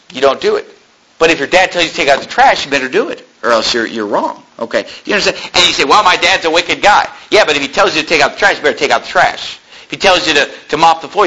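A man's voice: fairly high pitch, sharp tone, slightly rough, poor audio. A man preaching a sermon, reading scripture aloud and explaining it in a conversational way, often checking in with the congregation. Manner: conversational, keeps checking in with "okay?".

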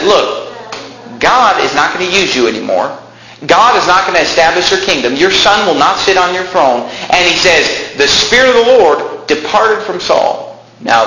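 A man preaching a sermon, animated and emphatic, jumping up in pitch when he voices Bible figures. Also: reverberant, a little hiss or hum, poor audio. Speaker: pastor.

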